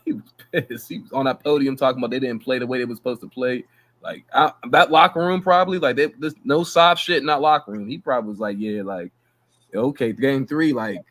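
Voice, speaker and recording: Guy on a basketball podcast, loud slangy chat, gets hyped and laughs a lot. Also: mid-range voice, quick pace. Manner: animated, heavy slang, laughs often. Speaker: podcast co-host. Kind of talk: casual sports chat.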